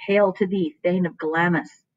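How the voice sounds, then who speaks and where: Woman reading as eerie witch, solemn hailing chant, prophecy, lowish voice, muffled dry recording. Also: steady tone, unhurried. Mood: prophesying.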